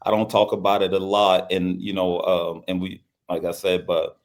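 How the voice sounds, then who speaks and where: A man's voice: low voice, little pitch movement, normal speed. A middle-aged man from Louisiana, a basketball coach, telling a personal story in an interview in an earnest way, repeating his phrases. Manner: earnest, repeats phrases, acts out quoted speech.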